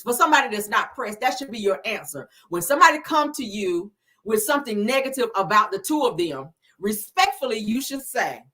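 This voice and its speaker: A woman's voice: on the high side, lively intonation, a little fast, bright, forceful tone. A woman hosting a casual celebrity gossip show, talking in a sassy, blunt and profane way and laughing at her own slips. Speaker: host.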